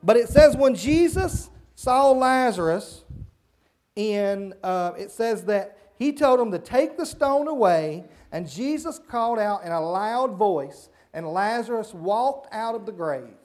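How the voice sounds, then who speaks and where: A man giving a children's sermon, asking the kids simple questions and hushing them as he goes. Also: sits high, expressive, takes it slowly. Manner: hushes and redirects children mid-talk. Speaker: children's church leader.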